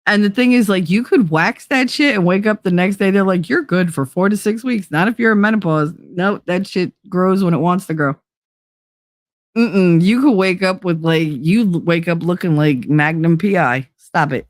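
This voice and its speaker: A woman hosting a casual chat show tells stories bluntly, swearing frequently and laughing often. Her voice is on the low side at normal speed, with no room sound.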